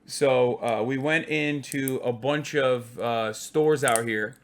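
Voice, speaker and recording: A man's voice: mid-range voice, slow. A male live streamer in casual chat, talking loosely and rambling, with frequent swearing.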